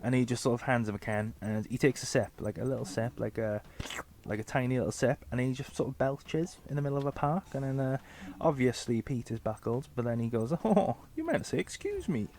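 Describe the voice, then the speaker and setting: A man gives a joking, sarcastic review of a book in a casual, chatty delivery. His speech is loose and full of fillers, at an average pitch for a man. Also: fairly even intonation, a little fast, a little mellow, a little hiss or hum.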